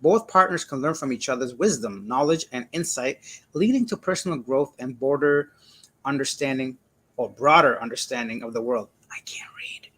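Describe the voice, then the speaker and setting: A man's voice: mid-range voice, moderate pace, a bit bright, breathy edge. A man hosting a casual live stream, chatty and laughing often as he greets viewers and reads their comments aloud. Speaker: livestream host reading chat. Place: indoors, living in Cebu.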